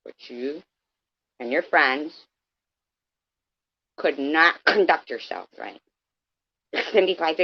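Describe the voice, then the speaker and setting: Low-voiced, combative woman in her fifties. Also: expressive, takes it slowly, pauses often, muffled recording. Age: 50s. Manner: sarcastic, combative, addresses viewers by name. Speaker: live streamer. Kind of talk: confrontational livestream rant.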